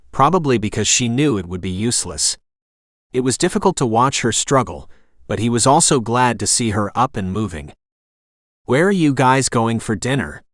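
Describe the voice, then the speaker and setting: A man reads a romance audiobook in a calm, even voice and gives the dialogue a gentle touch. His pitch sits in the middle of the range, and the recording is dry and close, with no room sound. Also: no echo. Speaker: audiobook narrator. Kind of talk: scripted romance narration.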